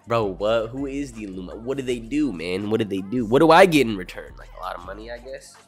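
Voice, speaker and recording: Faint music plays behind another laid-back stream chat, where a young man answers his viewers at a quick clip, rambling and swearing plenty. His voice is on the low side and expressive.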